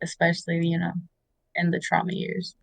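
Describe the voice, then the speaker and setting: A woman in her thirties giving tearful, heartfelt shout-outs in an interview, halting with many fillers. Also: on the low side, completely flat delivery, vocal fry, rough recording. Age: 30s. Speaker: interview guest.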